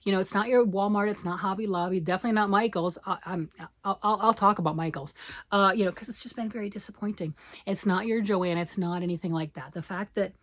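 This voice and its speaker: A woman from Michigan, a yarn vlogger chatting excitedly and fast to camera, rambling off on tangents. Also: mid-range voice, no room sound. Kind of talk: casual chat to camera.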